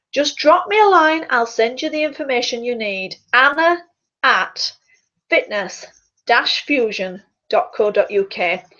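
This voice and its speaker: A woman with a somewhat high voice talks casually into her computer mic, chatty and a bit rambling, tripping over the odd word. The sound is dull and lo-fi, like a video call from a small, quiet bedroom. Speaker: fitness coach and public speaker. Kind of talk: casual chat to webcam. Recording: dull lo-fi webcam audio.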